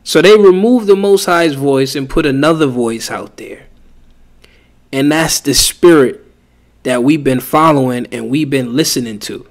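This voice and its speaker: A man's voice: mid-range voice, unhurried. A man who teaches religion, giving rambling, heated casual commentary with frequent restarts.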